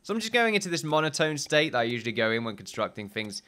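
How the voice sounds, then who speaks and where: Tired guy rambling through his let's play, bright voice, keeps chuckling and fixing what he just said. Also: a little high, big pitch swings, fast talker, clear, resonant tone. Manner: rambling, self-correcting, chuckling often. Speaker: gaming video host. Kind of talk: casual let's-play commentary.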